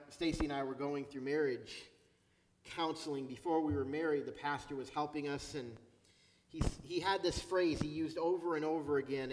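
A man preaching a sermon as pastor, in a conversational way, slowing down to stress key phrases. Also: on the high side. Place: church sanctuary. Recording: long reverb of a church hall.

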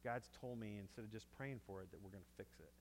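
A man's voice: lowish voice, fast, slight background noise. A man preaching, telling a story and acting out each person's lines. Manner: animated storyteller acting out dialogue. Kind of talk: sermon storytelling. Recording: echoey hall with long reverb.

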